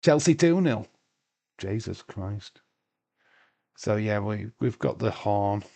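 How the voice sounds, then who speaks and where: A man's voice: on the low side, lively intonation, takes it slowly, vocal fry, dark tone. Chatty British man hosting a livestream. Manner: chatty, reads and answers viewer chat, swears casually. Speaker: livestream host. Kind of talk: casual live watch-along chat.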